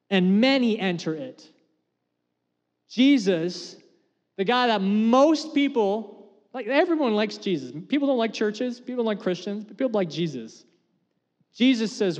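A pastor in his thirties preaching a sermon with emphatic swings from loud to quiet. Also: a little high, normal speed. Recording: long hall reverb.

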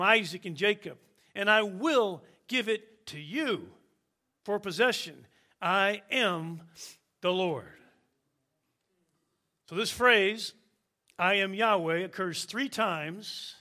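A man preaching a sermon, slow and emphatic, with dramatic pauses. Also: high voice, bright, forceful tone.

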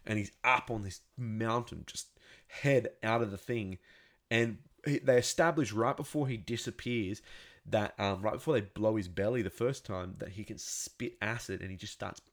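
A man with a fairly low voice talks through an episode off the cuff. He stumbles, restarts and drops in sound effects as he goes, getting more excited at the big moments. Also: normal speed. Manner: rambling, animated, with many restarts and sound effects. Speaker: show recapper. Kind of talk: casual spoken recap.

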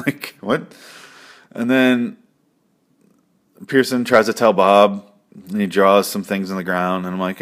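A man's voice: on the low side, a little slow, long pauses, a bit bright. Rambling, cursing male podcast host. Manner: rambling, profane and jokey. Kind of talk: casual recap chat.

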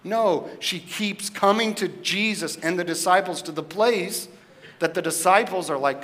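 A man's voice: high voice, a little slow, fairly bright tone. A man preaching a sermon as pastor, in a conversational way that keeps asking the congregation questions. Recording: long hall reverb.

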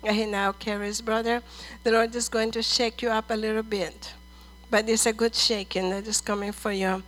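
A middle-aged woman ministering prophetic words over people in church, earnest and measured, calling them dear and brother. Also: on the high side, level tone, poor audio.

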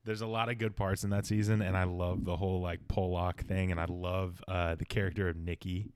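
A man's voice: low voice, level tone, a little fast, slight background noise. A man co-hosting a casual chat, laid-back and swearing freely as he tells stories. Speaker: podcast co-host.

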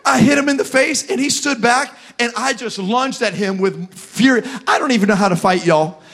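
A young man preaching a sermon as pastor at a church service, animated and building to shouts. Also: extremely high pitch, moderate pace.

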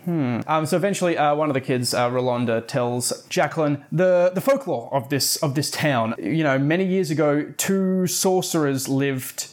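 A man's voice: on the high side, normal speed, few pauses. A man casually recapping a story, rambling with fillers and wry asides.

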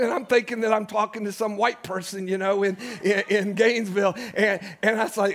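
A man's voice: high-pitched, level tone, a little fast, few pauses, a bit bright. A man preaching a sermon to his congregation, impassioned, building his points through repeated phrases. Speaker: pastor. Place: church sanctuary before a congregation.

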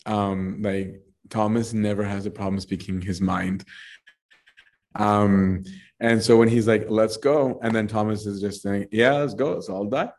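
Guy explaining a bible chapter, chatty, keeps saying right? and like, lowish voice. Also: level tone, measured pace, a little mellow. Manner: conversational, says "right?" and "like" often. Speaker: Bible teacher. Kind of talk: casual Bible study talk.

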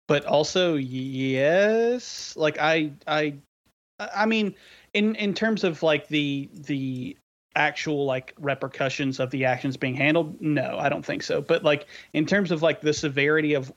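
A man appearing as a guest on a casual podcast, halting with many fillers and swearing. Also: a little high, animated, highs cut off. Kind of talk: casual chat.

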